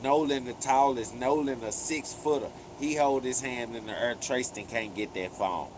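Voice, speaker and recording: A man's voice: medium pitch, normal speed, background noise. A man hosting a live commentary stream, casually retelling events in profane street slang with heavy emphasis. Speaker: livestream commentary host.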